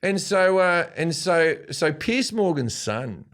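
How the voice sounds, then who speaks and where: Australijczyk, ożywiony, wulgarny gawędziarz. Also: male voice, on the high side, slow pace. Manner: profane, animated storytelling with acted-out quotes. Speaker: guest comedian. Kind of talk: storytelling in a casual interview. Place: studio.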